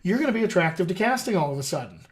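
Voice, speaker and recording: A man's voice: high voice, very animated, rapid-fire. A man hosting a casual live-stream chat as a dialect coach, talking in a chatty, upbeat way with folksy asides.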